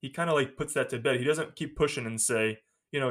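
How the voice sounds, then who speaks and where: Retelling a movie's story in a relaxed podcast chat, a male co-host laughs a lot as he goes. He's a fast talker with a mid-range, fairly bright voice.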